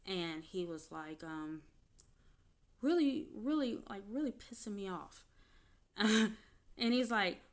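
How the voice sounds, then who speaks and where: Woman vlogger, mid pitch, candid off-the-cuff storytelling, halting then animated. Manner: candid, halting, grows animated when retelling. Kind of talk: unscripted personal storytelling.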